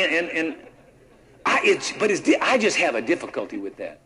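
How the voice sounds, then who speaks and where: In a low-quality recording, a man preaches a sermon in a fairly high, very animated voice that sounds pushed and bright, at normal speed. He reads scripture aloud and prompts the congregation to answer "what?", often repeating words and restarting sentences.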